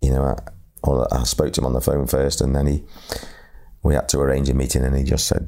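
A man with an extremely deep, gravelly voice speaks slowly in a flat, even tone. He tells a reflective story, often stalling and repeating words as he feels his way forward. His voice has a dark, mellow color. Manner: halting, repeats words, slow and measured. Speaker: speaker sharing lessons on leadership.

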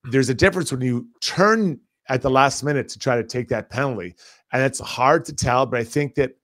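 A man's voice: mid-range voice, a little fast, fairly bright tone, dry recording, studio quality. A man co-hosting a hockey podcast, talking casually and with energy about the game. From Canada. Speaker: podcast co-host. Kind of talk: casual sports talk and read ads.

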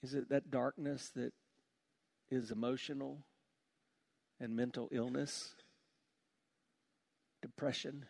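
A man preaching a sermon with passion, dropping to a hushed voice on heavy points. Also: mid-range voice, flat delivery, takes it slowly, gravelly, long pauses. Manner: impassioned, drops to a hush on heavy points. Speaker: pastor.

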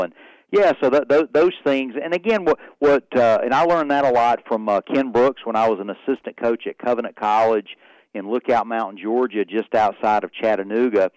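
A man's voice: mid-range voice, darkish tone, no room sound, rough recording. A middle-aged man, a former head coach, talking in a casual interview with many fillers and restarts.

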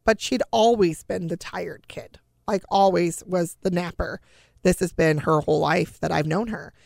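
Gravelly-voiced middle-aged woman telling a story. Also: lowish voice, normal speed, no echo, studio quality. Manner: animated, acts out quoted dialogue; conversational with many "like" fillers. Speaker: mother telling a family story. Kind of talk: casual personal storytelling.

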